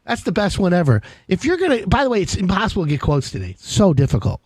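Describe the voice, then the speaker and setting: Excitable man hosting a live show. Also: sits high, fast talker, dry recording. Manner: excitable, jokey, rambling. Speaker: radio show host. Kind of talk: casual live call-in show chat.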